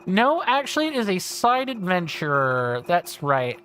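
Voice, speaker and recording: Slow, rambling Southern man streaming a game. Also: sits high, big pitch swings, a bit bright. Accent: Southern US drawl. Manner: rambling, self-deprecating, chatty. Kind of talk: livestream gameplay commentary.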